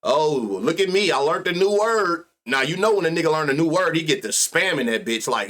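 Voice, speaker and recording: This U.S. sports-betting show host has a fairly high, animated voice that's a bit bright, and he moves briskly with few pauses. Chatting loosely on his live stream, he swears a lot, drops plenty of slang, laughs frequently, and murmurs numbers to himself.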